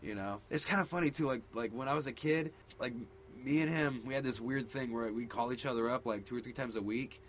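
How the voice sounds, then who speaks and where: A man's voice: mid-range voice, fairly quick, few pauses, a little hiss or hum. A father telling a story in casual chat, laid-back and rambling with lots of fillers. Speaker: parent.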